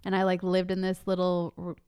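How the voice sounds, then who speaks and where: A woman's voice: lowish voice, monotone, a little mellow, smooth, no room sound, studio quality. Chatty woman podcast co-host. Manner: chatty, quick to laugh and chime in. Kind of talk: casual chat.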